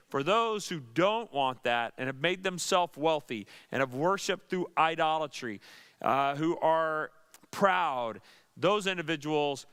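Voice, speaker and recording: Pastor, male, earnest Bible teacher, slightly high, clear voice. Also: a bit bright. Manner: earnest, with dry sarcastic asides.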